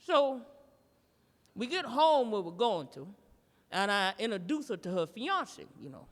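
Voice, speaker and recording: A woman's voice: a little high, very animated, unhurried, in a large hall. A woman reenacting a stand-up routine, telling a profane story with drawling, rhythmic asides. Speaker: stand-up performer. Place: art museum performance space.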